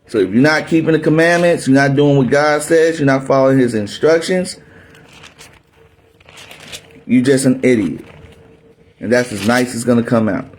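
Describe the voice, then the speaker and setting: A preacher teaching scripture delivers a fiery, aggressive sermon, barking at listeners like a confrontational drill sergeant. His voice is medium-pitched and his pace brisk.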